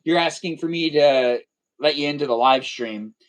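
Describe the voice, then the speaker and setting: A man's voice: on the high side, normal speed. A man hosting a casual live stream, chatty and welcoming, rambling a little as he talks with guests. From Armenian heritage.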